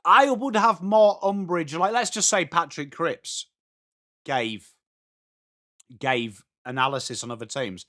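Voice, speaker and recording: A young northern English man hosts a fan watchalong with a slightly high voice, speaking slowly and leaving long pauses. Excitable all the same, he calls the play live and reads chat, bantering with viewers by name.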